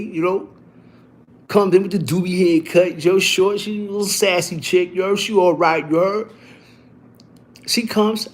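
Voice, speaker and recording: A man telling a story casually, in animated and profane street talk that keeps restarting and repeating itself. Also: high voice.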